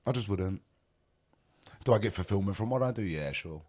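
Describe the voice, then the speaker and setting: A man's voice: on the low side, lively intonation, a little fast, a little mellow. A man in his thirties from North London with a London accent, a podcast guest speaking emphatically and casually, peppering his talk with street slang. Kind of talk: casual conversation.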